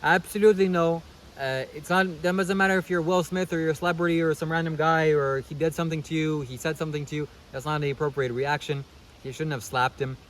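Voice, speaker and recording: A man's voice: a little high, fairly even intonation, quick pace, fairly bright tone, slight background noise, close to an everyday voice. A man doing a weak impression of an older male spiritual teacher, attempting a foreign accent with little success. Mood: firm. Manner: attempts a foreign accent, admits it sounds poor.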